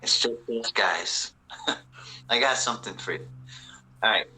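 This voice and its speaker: A man's voice: on the low side, a little slow, bright, forceful tone, a little hiss or hum, rough recording. A man who is a guest on a casual livestream chat, joking around and telling corny jokes. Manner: jokey, tells corny jokes, laughs easily.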